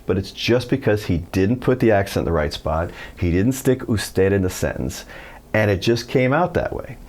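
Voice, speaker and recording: A middle-aged American man teaching a Spanish lesson in English, telling stories and acting out quoted speakers with lively pitch jumps. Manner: animated storytelling, acts out quoted voices. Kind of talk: video lesson.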